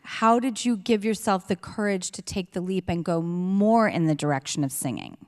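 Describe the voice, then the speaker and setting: A woman's voice: medium pitch, moderate pace, a little mellow. A woman interviewing a guest on stage, earnest, reflective and openly enthusiastic. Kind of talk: onstage conversation. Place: live event stage. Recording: long hall reverb.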